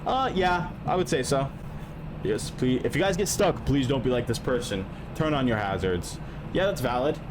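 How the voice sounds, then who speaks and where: A man with a mid-range, animated voice reacts to dashcam clips on his stream, speaking at a moderate pace over background noise. He's casual, profane and exasperated, scolding the drivers on screen by talking straight to them.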